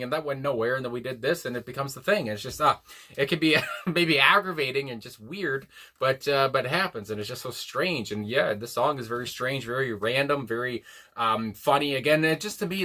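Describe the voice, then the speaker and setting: A man with a bright, forward-sounding voice talks casually about a song he just heard. He rambles, restarts his sentences and fills gaps with ums and uhs, dropping a casual swear here and there. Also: mid-range voice. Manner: rambling, many fillers and restarts, laughs to himself. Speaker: music reaction host. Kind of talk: casual music reaction talk.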